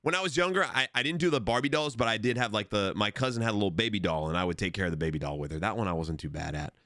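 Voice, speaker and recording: A man's voice: fairly low pitch, racing, bright, forceful tone, no room sound, clean studio sound. A young man live-streaming, chatting casually and rambling with lots of swearing while reading out his chat. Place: home streaming setup. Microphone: desk microphone.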